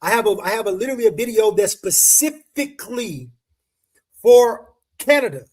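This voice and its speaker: High-voiced man hosting a livestream. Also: lively intonation, moderate pace, a little mellow. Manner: slangy, emphatic, repeats words. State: emotional, choked up. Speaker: crypto livestream host. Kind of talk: casual livestream chat.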